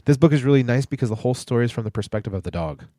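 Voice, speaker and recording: A man's voice: mid-range voice, animated, racing, dark tone, no echo, clean studio sound. A man co-hosting a podcast, telling stories animatedly in casual chat, swearing and acting out family voices. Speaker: podcast co-host.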